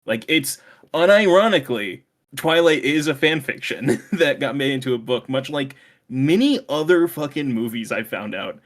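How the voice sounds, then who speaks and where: A man's voice: mid-range voice, lively intonation, normal speed. Podcast co-host, young man, loose rambling delivery with frequent laughs and casual swearing. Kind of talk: casual chat.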